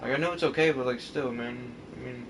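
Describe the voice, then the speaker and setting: Gaming host, male, mid-pitched, grumbling and cursing at the game, clear background noise. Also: fairly quick, fairly bright tone, rough recording. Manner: frustrated, swearing, muttering. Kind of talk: live gameplay commentary.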